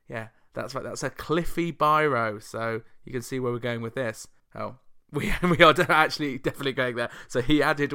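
A man's voice: medium pitch, brisk, hardly any pauses, pushed and bright, clean tone. A man from the UK hosting a chart show podcast, giving casual commentary that is snarky, sarcastic and chatty.

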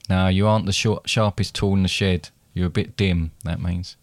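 A man co-hosting a casual podcast, playfully putting on regional accents, laughing often and drawling phrases slowly. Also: low-pitched, steady tone, dry recording. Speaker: podcast co-host.

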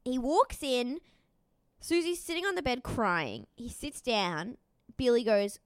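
A woman retells a show's drama in a casual chat, acting out quoted lines and swearing freely. Her voice sits on the higher side and rings smooth and clear. The sound is close and dry. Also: expressive, takes it slowly, dry recording. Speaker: podcast co-host. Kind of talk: casual chat recapping a reality show.

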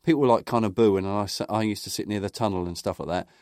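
A man's voice: fairly low pitch, quick pace, darkish tone, dry recording, studio quality. A middle-aged man, a podcast co-host, telling rambling football anecdotes in casual chat, full of fillers and restarts.

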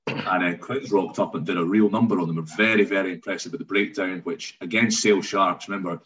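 A man's voice: low voice, steady tone, brisk, fairly bright tone, breathy edge. A man, a rugby commentator guest, chatting casually on a podcast, telling stories with frequent ums and restarts. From Scotland.

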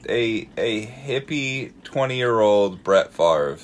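A man's voice: fairly low pitch, lively intonation, slow pace. A man co-hosting a podcast, giving short wry reactions and laughing along in casual chat. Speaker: podcast co-host.

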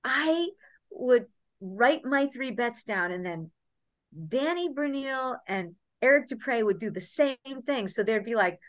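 A woman in her sixties telling animated stories in an interview, laughing often and swearing freely. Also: fairly high pitch, unhurried. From Connecticut, USA. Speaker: guest, former cycling soigneur. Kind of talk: anecdotal interview storytelling.

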